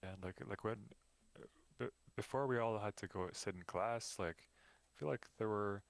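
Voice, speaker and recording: Podcast co-host, male, deep voice, rambling storyteller who laughs easily. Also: moderate pace, vocal fry. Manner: relaxed, rambling, laughs often. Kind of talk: casual chat.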